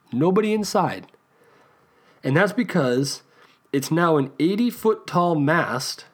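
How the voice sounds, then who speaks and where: A young American man hosting a podcast, talking casually on his own with a chatty, self-deprecating manner and frequent restarts. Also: a little high. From United States. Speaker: podcast host. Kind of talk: casual solo podcast talk.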